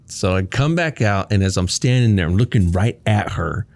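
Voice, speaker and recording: Casual young guy, low-ish voice, relaxed anecdote telling. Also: moderate pace. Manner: laid-back, swears often, laughs while telling. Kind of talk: casual storytelling chat.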